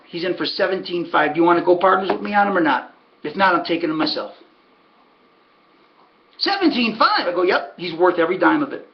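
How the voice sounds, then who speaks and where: A man's voice: a little high, a little hiss or hum. A man casually telling a long story as a podcast host, acting out what others said. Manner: animated, acts out quoted voices. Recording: dull lo-fi audio.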